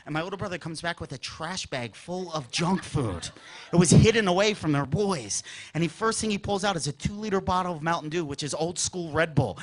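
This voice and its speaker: A young man performing a stand-up comedy set on a club stage, telling his bits with lots of energy and yelling out the funny parts. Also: on the high side, fairly quick. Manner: animated, yelling bits and voicing his brothers and mom.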